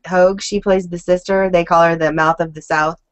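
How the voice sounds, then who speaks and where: A woman's voice: fairly low pitch, steady tone, normal speed. A woman hosting an online music chat, asking questions in a chatty, upbeat way. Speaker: host. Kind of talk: casual interview chat.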